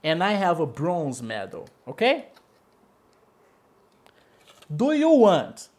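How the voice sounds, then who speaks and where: Slow and a little mellow, this man's slightly high voice swoops wildly in pitch. He has a Brazilian Portuguese accent and, as a native Portuguese speaker, tutors English one-on-one, repeating key words and frequently checking "okay?".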